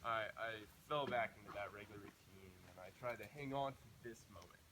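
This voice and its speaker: A man's voice: on the low side, brisk. A young man giving a camp closing talk. He tells a humorous personal story and often restarts his sentences. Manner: humorous anecdotal telling with frequent restarts. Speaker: camp speaker. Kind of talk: storytelling sermon. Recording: noisy live recording.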